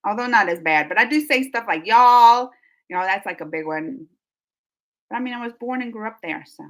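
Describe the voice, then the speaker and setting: A woman's voice: medium pitch, lively intonation, fairly quick, sharp tone. A woman from New Orleans with a Southern US accent, chatting casually as she reads her live stream chat aloud, laughing often and trailing off mid-sentence. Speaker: YouTube reaction host reading live chat.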